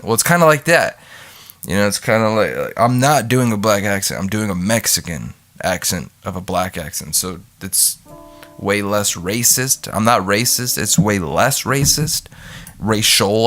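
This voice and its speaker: Here the American podcaster's voice is medium in pitch and a bit bright. It's a rambling solo show where he goofs around, swears without restraint and breaks into bits of singing.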